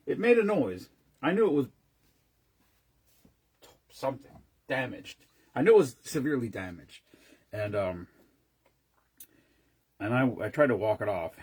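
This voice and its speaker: A man's voice: mid-range voice, darkish tone, breathy edge. A man casually chatting on a live stream, rambling between stories and greeting viewers by name as he mixes drinks.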